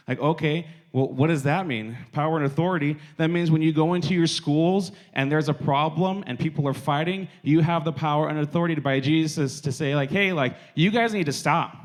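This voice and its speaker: A man giving a casual sermon to young people, talking conversationally and repeating phrases for emphasis. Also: fairly high pitch. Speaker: youth preacher.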